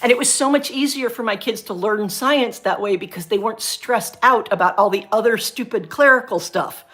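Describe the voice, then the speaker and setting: Brief: middle-aged woman streamer, ex-teacher, lively ranting storyteller. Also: moderate pace. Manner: animated, ranting storyteller with big pitch jumps. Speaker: livestream host, former science teacher. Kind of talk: casual chat on a livestream.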